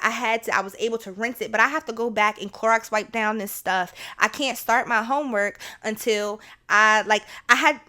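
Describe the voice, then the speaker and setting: This is a young woman speaking to her podcast listeners in a candid, confessional monologue. Her voice is bright and sharp. She keeps it casual and blunt, with plenty of fillers and the odd curse. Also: on the high side. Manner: frank and chatty, with swearing and filler words. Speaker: podcast host.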